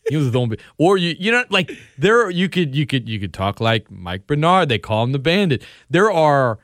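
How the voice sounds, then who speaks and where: A man hosting a casual sports talk show, opinionated and animated. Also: a little high, normal speed, dry recording, clean studio sound. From Louisiana. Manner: animated, opinionated, talks over others. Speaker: host.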